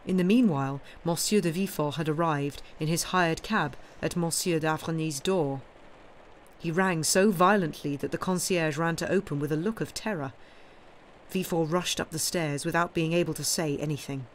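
A woman reading a classic novel aloud on a live stream, with expressive, steady narration. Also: low-pitched, normal speed, a little hiss or hum. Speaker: audiobook reader.

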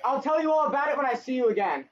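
Woman host, high lively voice, giggly teasing gamer banter, slightly lo-fi audio. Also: rapid-fire, crowd noise. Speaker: gaming channel host. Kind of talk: casual gameplay chat with friends.

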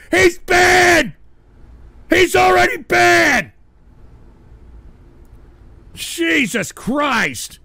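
A man hosting a livestream radio show, ranting profanely about his chat and breaking into abrasive shouting bursts. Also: high-pitched, gravelly, no echo. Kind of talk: profane on-air rant reading chat.

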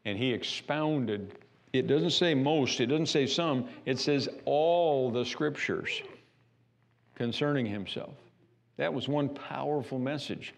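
A man preaching a sermon as pastor of a church, animated and repeating himself as he builds each point. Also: mid-range voice, slow, creaky. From United States. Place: church sanctuary.

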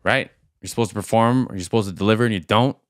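A man's voice: on the low side, racing, no echo, clean studio sound. A man hosting a music reaction video, talking casually and rambling aloud with lots of fillers as he thinks.

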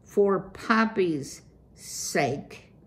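A woman's voice: fairly low pitch, animated, drawn-out words. A woman voicing a pompous, scolding old male mouse, the head of a large family, in a storybook reading. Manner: scolding, haughty.

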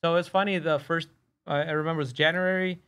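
Animated man telling stories. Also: on the high side, quick pace, clean tone. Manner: animated, acts out quoted dialogue. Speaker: podcast guest, real estate wholesaler. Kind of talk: casual storytelling.

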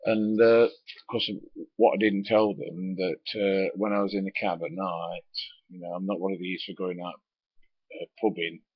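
A low, husky-voiced Englishman rambles through an old story from his trucking days. He drops in casual swearing and plenty of hesitations. The sound is dry and a little dull, as if recorded on a lo-fi mic. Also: level tone, moderate pace, no echo. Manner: swears casually, many ums and asides. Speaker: former truck driver. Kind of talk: rambling spoken anecdote.

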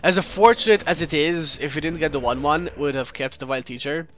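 A man with a somewhat high-pitched voice talks through his own card game match as a let's play host. He thinks out loud, restarts his sentences and corrects himself, and critiques his opponent's plays. Soft music plays faintly underneath. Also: fairly quick. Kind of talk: gameplay commentary.

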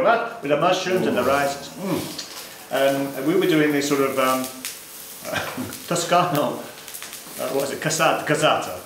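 A man's voice: medium pitch, echoey room, noisy background. A man presenting a joking amateur cooking show at home, rambling and laughing between lines. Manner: jokey, rambling, breaks into laughter. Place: home kitchen with friends and drinks.

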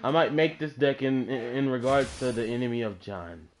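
A man's voice: mid-range voice, animated, moderate pace, faint music behind. Swearing, teasing male gaming host. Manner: crude, teasing, swears a lot. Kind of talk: casual gaming chat with friend. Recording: dull lo-fi capture with faint noise.

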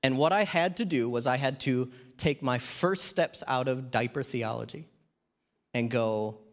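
Preaching a sermon in church, this New Zealander in his thirties or forties keeps it conversational and sprinkles in jokes. His mid-range voice moves at a slightly slow pace.

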